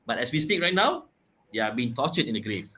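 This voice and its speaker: A man's voice: mid-range voice, big pitch swings, fast, bright, forceful tone. A man, explaining a Quran chapter in a casual podcast talk. He often halts and repeats words, and he uses everyday examples. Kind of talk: casual religious discussion.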